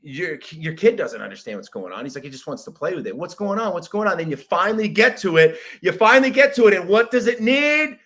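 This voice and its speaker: Young male podcast host, comic rant, bright forceful tone, exasperated and profane. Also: on the high side, expressive, fast talker, few pauses. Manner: profane, exasperated, jumps into loud shouted impressions. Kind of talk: comedic monologue rant.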